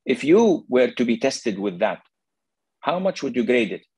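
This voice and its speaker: A man's voice: mid-range voice, big pitch swings, unhurried, darkish tone, slightly rough, no room sound, poor audio. An older man from Arabia, giving a blunt, sarcastic religious lecture as a sheikh. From Saudi Arabia. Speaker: Islamic scholar, sheikh.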